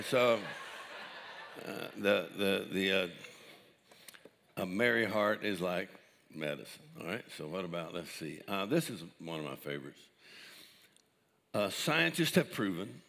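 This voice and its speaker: A man's voice: sits low, animated, measured pace, gravelly, a bit bright, long reverb tail. An older male pastor preaching with jokes, chuckling at his own punchlines. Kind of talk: sermon with jokes.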